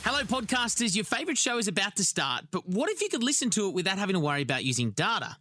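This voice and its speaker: A man's voice: high-pitched, sing-song, very fast, bright, forceful tone, faint music behind. A man reading a scripted radio ad in an upbeat, salesy way. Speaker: ad announcer. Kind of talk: scripted ad read.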